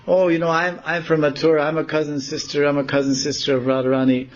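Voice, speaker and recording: A man's voice: a little high, level tone, quick pace, dull audio, pitched above the performer's own voice, natural voice. A man voicing a young woman who throws a crying tantrum on the floor, wailing and sobbing.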